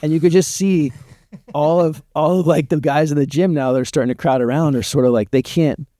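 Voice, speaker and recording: A man with a fairly high voice talks a little fast, recorded clean in a studio with no echo. He's a podcast guest telling casual stories in a relaxed way, dropping "like" into his sentences again and again.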